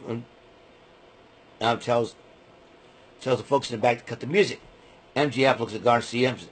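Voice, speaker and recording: A man's voice: mid-range voice, breathy edge. A man giving a rambling, casual spoken recap of a wrestling show, often breaking into name-calling rants.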